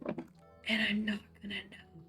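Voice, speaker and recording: While playing a farming game on stream, a young woman uses a fake Scottish accent to chat casually, giggle, and occasionally mutter to herself. Her medium-pitched voice is level, slow, bright, and forceful, with soft music in the background.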